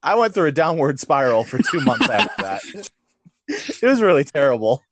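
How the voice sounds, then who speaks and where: A man's voice: on the high side, very animated, moderate pace, slight background noise. A man co-hosting a casual chat podcast. He rambles, mocks himself and laughs easily. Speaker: podcast co-host.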